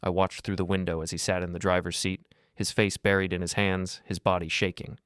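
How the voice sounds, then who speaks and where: Brief: older male narrator, low voice, calm and steady scripted storytelling, dry close mic. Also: fairly quick, clean tone, no room sound.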